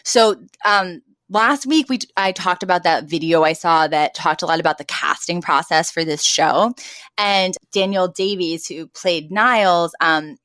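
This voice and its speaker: A woman co-hosting a podcast, chatting casually and retelling sitcom scenes in a lively way. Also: on the low side, unhurried, dry recording. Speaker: podcast co-host. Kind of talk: casual chat recapping a sitcom.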